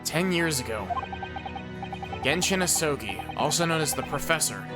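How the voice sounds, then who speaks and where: A man's voice: on the high side, moderate pace. A man streaming a mystery game and reading its dialogue and narration aloud. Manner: reads game text aloud with lively character voices. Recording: game music behind.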